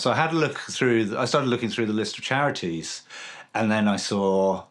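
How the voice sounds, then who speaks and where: A man's voice: mid-range voice, normal speed. A man in his forties hosting a casual interview, telling a personal story in an earnest, reflective way. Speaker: podcast host.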